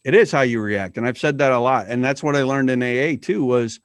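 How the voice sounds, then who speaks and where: A man's voice: mid-range voice, brisk, smooth, no room sound. A middle-aged man talking as a podcast guest, blunt and earnest, and he swears freely. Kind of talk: candid conversation.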